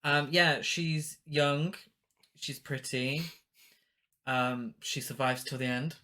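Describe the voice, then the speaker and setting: A man on a podcast talks through a film's plot in a loose, joking way. His voice is bright and forward, and he drops in swear words and dry asides at an even, middle pitch. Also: takes it slowly. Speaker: podcast co-host. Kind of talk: casual film review chat.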